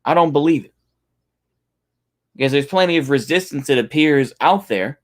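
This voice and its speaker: A man's voice: on the high side, animated, moderate pace. A man giving heated, profane reaction commentary, incredulous and swearing often.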